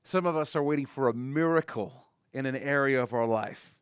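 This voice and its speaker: Conversational pastor preaching, dry sound. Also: male voice, mid-range voice, clear, resonant tone, no room sound. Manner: conversational preaching, acts out voices, slows for emphasis. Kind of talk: sermon.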